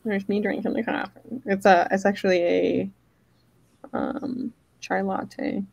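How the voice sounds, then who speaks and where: A woman co-hosting a casual chat, talking in a halting way full of "like" and "um". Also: medium pitch, steady tone, creaky, a little mellow, dull audio. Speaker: co-host, photographer.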